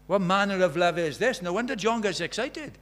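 Animated preacher, man. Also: sits high, fairly quick. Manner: animated, swings from loud exclamations to quiet intimate tones; conversational, uses quoted dialogue and filler words. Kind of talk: sermon.

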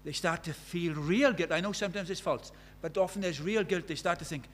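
A middle-aged Welsh man preaching a sermon, moving between loud declarations and quiet, hushed asides. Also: sits high, a little fast, a little hiss or hum. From Wales.

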